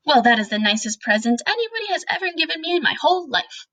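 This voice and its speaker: A woman reading aloud voices a big, kind male giant who jumbles his words and draws them out slowly. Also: high-pitched, big pitch swings, sharp tone, dry recording, voice pushed up, full character voice, rough recording. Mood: delighted. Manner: jumbled made-up words and broken grammar, slow and drawn out.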